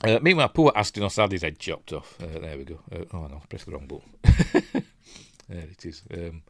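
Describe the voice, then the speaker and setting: A man's voice: low-pitched, lively intonation, normal speed, gravelly, no room sound. A man with a Yorkshire accent, hosting a casual film breakdown and reading out live chat in a chatty, rambling way that often loses its place. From Yorkshire, England. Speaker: host, film reviewer.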